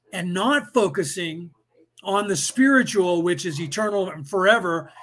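A man's voice: sits high, a bit bright. A middle-aged man leading a podcast study class, talking in a rambling way with many fillers and restarts. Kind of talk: lecturing study-group talk.

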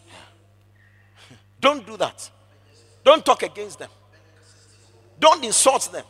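A man preaching a sermon emphatically, repeating phrases for emphasis and swinging from hushed asides to shouted exclamations. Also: very high voice, very animated, takes it slowly, slightly rough.

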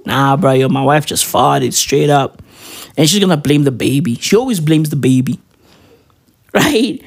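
A woman's voice: low-pitched, expressive, unhurried. A woman in a profane, rambling comedic rant full of street slang, at home. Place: at home, with spouse nearby.

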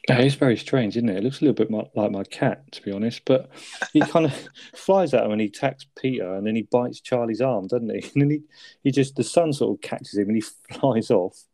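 A man's voice: mid-range voice, brisk, warm tone, dry recording. A man chatting casually about a film on a podcast, laughing often and asking his co-host to agree.

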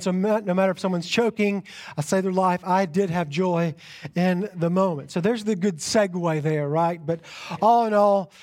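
A young man preaching in a church sanctuary tells an animated story about himself, laced with self-deprecating humor and repeated phrases. This pastor's voice is on the high side.

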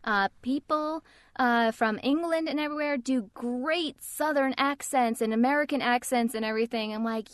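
A woman with a fairly high voice chats casually as a voice actor. She tells stories in a lively, animated way. The sound is dry and close-miked. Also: normal speed, clean tone, no echo. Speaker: voice actor, podcast co-host. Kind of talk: casual chat.

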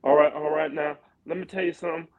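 A man putting on a boisterous, excitable older male sports pundit, rambling and exclaiming. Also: a little high, quick pace, phone-quality sound, pitched above the performer's own voice, close to an everyday voice. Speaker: podcast co-host.

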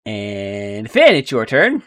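A man's voice: fairly low pitch, slow pace, no echo, clean studio sound. A man running a tabletop game as game master, narrating the fight and swearing freely. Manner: swearing, laughing, lively narration.

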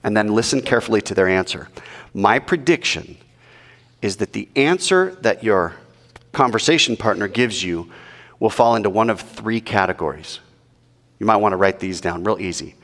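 A man preaching in an animated, rhetorical way and asking the audience questions. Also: fairly low pitch, moderate pace, in a large hall. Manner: animated, rhetorical, mock-quoting. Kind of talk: sermon.

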